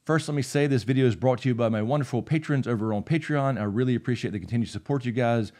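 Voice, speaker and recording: A man's voice: mid-range voice, fast, a little mellow. A young man hosting a writing channel, explaining dialogue punctuation in a casual, upbeat way and reading short example passages aloud. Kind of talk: instructional video talk.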